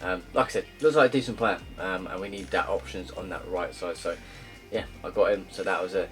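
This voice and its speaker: Low-voiced young man rambling over gameplay. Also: brisk. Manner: rambling, many ums and uhs, loud upbeat greetings. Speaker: gaming YouTuber. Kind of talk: casual gameplay commentary. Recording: faint guitar music behind.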